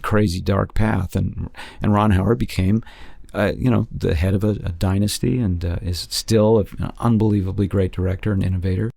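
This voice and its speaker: Gravelly-voiced man telling lively stories. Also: sits low, moderate pace. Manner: animated, jumps into quoted voices. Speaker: guest impressionist and actor. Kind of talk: casual interview storytelling.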